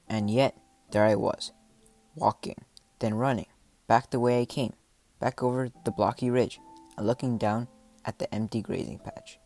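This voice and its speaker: A man reading a first-person adventure story aloud, with dramatic delivery and voiced shouts and animal sounds. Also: medium pitch, steady tone, moderate pace, long pauses, soft background music. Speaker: audiobook narrator.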